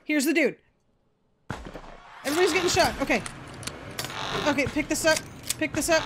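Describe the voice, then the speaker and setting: A woman hosting a video game let's play, excitable and quick to yell and swear at the game. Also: high-pitched, heavy background noise. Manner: excitable, yelps and shouts at the game; swears freely.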